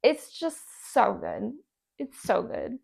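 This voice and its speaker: Gushing woman with a vocal fry. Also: on the high side, lively intonation, slow pace, a little mellow. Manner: gushing, enthusiastic, repeats herself. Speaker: book vlogger. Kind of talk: casual book recommendations.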